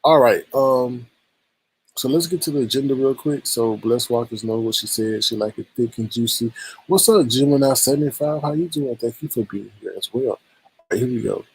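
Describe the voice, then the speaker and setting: A man hosts a live-stream gossip commentary show, teasing and exclaiming as he greets the chat and goes through the night's topics. His voice is medium-pitched, darkish, and slightly rough at a normal pace, on a rough recording.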